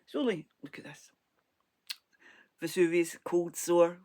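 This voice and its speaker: A woman with a Scottish accent talks through her crochet in a loose, rambling, chatty way. Her throat sounds hoarse and froggy, and she laughs often. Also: lowish voice, measured pace, dark tone. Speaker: crochet vlogger. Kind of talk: casual crafting chat.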